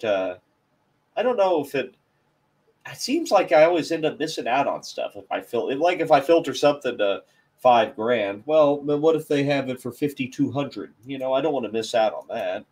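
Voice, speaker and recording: A man hosts a casual live stream for a car channel, rambling through hesitant, self-deprecating chat. His mid-pitched voice swings up and down a lot. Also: sing-song, moderate pace, a little mellow.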